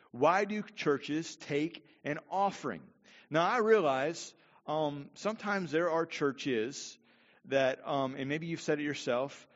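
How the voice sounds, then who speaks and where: A male pastor gives a sermon in a fairly high voice and a relaxed, conversational way. The muffled recording rings with the long reverb of a big hall. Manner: casual and conversational, with fillers.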